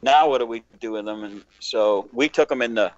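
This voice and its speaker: A man's voice: mid-range voice, fairly quick, no room sound. A man in casual podcast chat, telling a long profane story and acting out what people said. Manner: profane, animated storyteller, acts out quotes. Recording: dull lo-fi dry sound.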